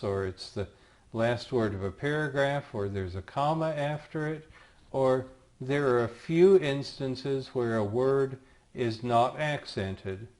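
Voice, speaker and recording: A man teaching a lesson, explaining rules slowly and patiently, with the odd self-deprecating aside. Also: medium pitch, darkish tone. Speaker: Greek teacher. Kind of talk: recorded lecture.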